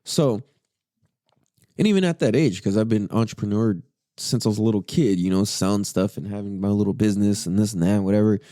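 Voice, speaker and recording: A man's voice: brisk, no room sound, studio quality. A man hosting a podcast, telling a story in a casual, profane way, with his voice jumping up when he quotes his own thoughts. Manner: animated and profane, pitch jumps when quoting himself. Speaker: podcast host.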